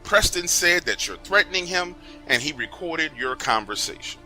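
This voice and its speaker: A man's voice: fairly high pitch, lively intonation, normal speed, sharp tone, faint music behind. A man voicing a frank woman from an HR office who speaks bluntly and familiarly. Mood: matter-of-fact.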